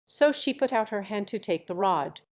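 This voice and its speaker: A woman narrating an old fairy tale for an audiobook. Her reading is lively and expressive, carrying the story from scene to scene. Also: mid-range voice, moderate pace. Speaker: audiobook reader.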